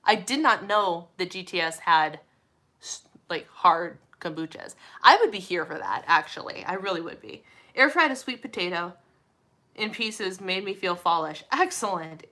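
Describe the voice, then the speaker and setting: A woman's voice: lowish voice, expressive, moderate pace, bright, forceful tone. A woman hosting a casual live community chat, chatting and answering viewer comments in an upbeat way. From Minneapolis area, USA. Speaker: host.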